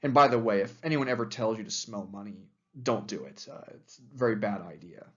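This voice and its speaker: A man's voice: lowish voice, a little fast, a bit bright, muffled recording. A young adult man giving a recorded history lecture, talking casually with many fillers. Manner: casual, conversational with frequent fillers.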